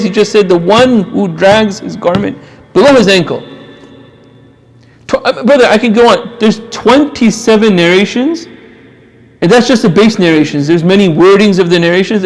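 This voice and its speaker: A man giving an impassioned religious lecture, repeating phrases for emphasis. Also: high-pitched.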